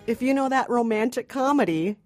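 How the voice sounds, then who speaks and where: A woman's voice: a little high, expressive, fairly quick, faint music behind. A woman co-hosting a movie podcast, bantering casually and laughing often. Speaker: podcast co-host.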